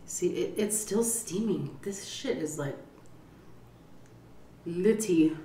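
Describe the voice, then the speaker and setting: A middle-aged woman vlogging while she eats, telling a story in a lively, cursing style. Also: fairly low pitch, slow pace, pauses often, slight background noise. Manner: lively storyteller who curses and acts out quotes. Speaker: mukbang vlogger. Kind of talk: casual storytelling while eating. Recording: roomy, mic at a distance.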